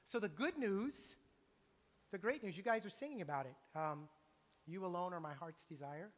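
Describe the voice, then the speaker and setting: A middle-aged man preaching a sermon in a church, animated and acting out the voices he quotes. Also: high voice, moderate pace. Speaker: pastor. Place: church sanctuary. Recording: long church reverb.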